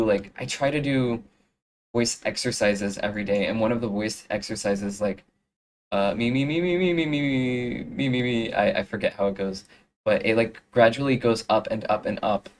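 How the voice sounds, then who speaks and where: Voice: mid-range voice, a little hiss or hum, low-quality recording. A young adult streamer chatting casually while drawing live, rambling with lots of fillers and restarts. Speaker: streamer doing art.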